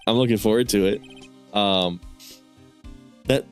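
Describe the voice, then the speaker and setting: A man's voice: mid-range voice, brisk, soft background music. A man streaming a game, rambling casually, swearing and laughing often. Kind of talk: casual gaming stream commentary.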